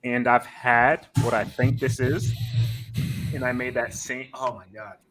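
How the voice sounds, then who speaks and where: Male guest, animated and exclamatory, casual chat. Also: medium pitch, measured pace, faint music behind. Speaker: guest taster.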